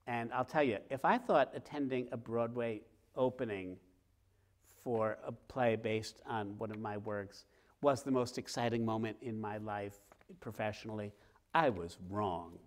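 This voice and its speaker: A middle-aged author talking with a host before a live theater audience, telling stories in a lively way and acting out scenes. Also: male voice, on the low side, unhurried. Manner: lively, acts out scenes with sounds and quoted voices. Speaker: author guest. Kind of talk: animated storytelling in conversation.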